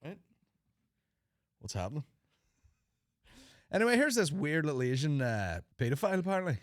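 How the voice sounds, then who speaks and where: Man, thirties, northern irish accent, podcast host, crude jokey banter, lively swooping pitch, dry close sound. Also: normal speed, no room sound. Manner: crude, sweary and jokey, slipping into mock voices. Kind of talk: casual comedy podcast chat.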